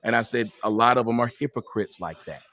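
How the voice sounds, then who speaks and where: A man arguing emphatically on a live-stream panel, sometimes rising to a shout. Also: mid-range voice, fairly quick, no room sound. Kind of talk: heated live-stream debate.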